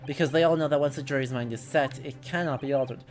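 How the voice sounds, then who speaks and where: A woman voicing a haughty male prosecutor in a courtroom game, reading his lines in a slow, scornful drawl. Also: rumbling low, darkish tone, faint music behind, voice pushed down. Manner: drawling, sneering, slow and deliberate.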